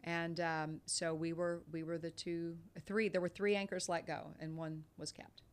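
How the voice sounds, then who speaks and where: A woman's voice: fairly low pitch, little pitch movement, normal speed, smooth. A woman in her fifties, a TV news anchor, telling her story candidly as a guest in a casual interview. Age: 50s.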